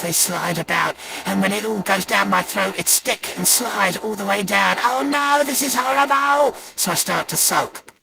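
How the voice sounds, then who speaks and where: A performer voicing an animatronic that grumbles and complains like a sulky child in a creaky voice. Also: mid-range voice. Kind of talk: fan voice acting of a poem. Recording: noisy hiss.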